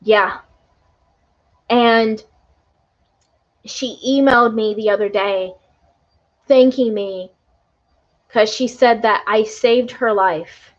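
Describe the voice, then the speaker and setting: A woman with a slightly high voice talks to her live-stream viewers as a tarot reader. She speaks earnestly and with feeling, often checking in with a quick "right?". The stream audio is dull and lo-fi. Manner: earnest and emotional, tag questions like "right?".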